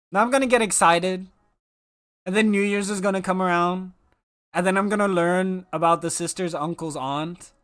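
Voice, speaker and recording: Playful and teasing, this live streamer chats with viewers in a medium-pitched, slightly bright voice, tossing out mock-dramatic complaints.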